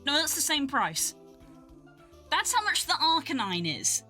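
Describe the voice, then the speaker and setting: Bright, lively woman streamer. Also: high voice, unhurried, faint music behind. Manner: chatty, excitable exclamations over cards. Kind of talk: casual live-stream card-opening commentary.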